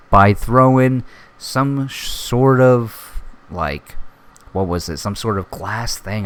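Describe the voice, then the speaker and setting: A man hosting a casual solo podcast, reviewing a TV show in an excitable way, swearing often and full of fillers. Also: lowish voice. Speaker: podcast host.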